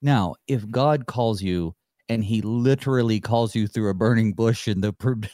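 Low-voiced man hosting a Bible study. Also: mellow, dry recording, clean studio sound. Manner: measured, reflective. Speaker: host. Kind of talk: Bible study discussion and scripture reading.

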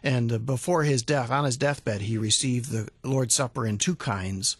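A man, a museum director, talking as a guest in a radio studio interview, halting with many fillers and restarts. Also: medium pitch, slightly rough, dry recording. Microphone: studio microphone.

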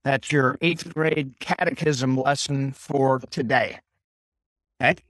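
A man's voice: medium pitch, fairly even intonation, slow pace, fairly bright tone, no echo, poor audio. A man teaching a catechism class, who explains a Bible passage point by point and keeps checking with "Okay?".

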